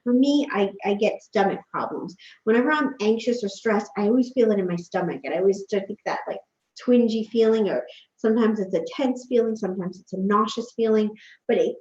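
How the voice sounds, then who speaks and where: A woman chatting casually in an advice vlog, gentle and reassuring, filling her talk with "like", speaking from a quiet room at home into a desk microphone. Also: a little high. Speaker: vlogger giving self-care advice. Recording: roomy, slightly dull home recording.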